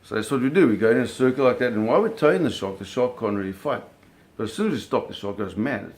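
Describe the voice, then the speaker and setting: A man's voice: mid-range voice, expressive, quick pace. A man telling a vivid personal story in a casual way, cursing freely and acting out the sounds and scenes. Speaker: storyteller recounting a personal experience.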